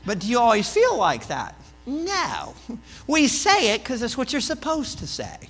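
High bright-voiced preacher in an echoing hall. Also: male voice, huge pitch swings, measured pace, husky, soft background music. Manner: storytelling, swings between hushed and loud emphatic delivery. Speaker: pastor. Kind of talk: conversational sermon. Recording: reverberant hall with mains hum.

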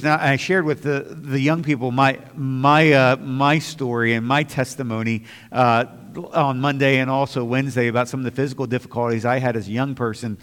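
Earnest stammering preacher in a hall. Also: male voice, mid-range voice, steady tone, normal speed, a bit bright. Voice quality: slight stammer on some words. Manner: earnest, rising to emphatic preaching, with small stammers and restarts. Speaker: pastor. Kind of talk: sermon.

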